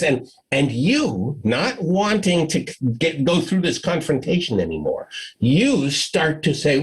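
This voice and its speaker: Husky guy doing a tech conference talk on a video call, lively up and down voice, acts out little dialogues. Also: a little high, normal speed, low-quality recording. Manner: animated storyteller, acts out dialogue, laughs often. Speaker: conference speaker.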